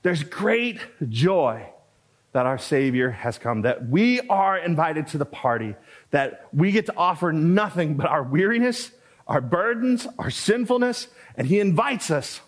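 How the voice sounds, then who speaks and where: Pastor guy preaching, fairly high voice, chatty, repeats lines to drive them home. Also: sing-song, measured pace. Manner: conversational, repeats for emphasis, asides. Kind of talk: sermon.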